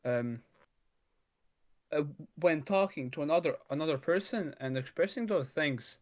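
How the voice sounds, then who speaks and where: A man's voice: a little high, animated, unhurried. A man talking casually in a podcast conversation, rambling with many restarts and fillers and swearing freely.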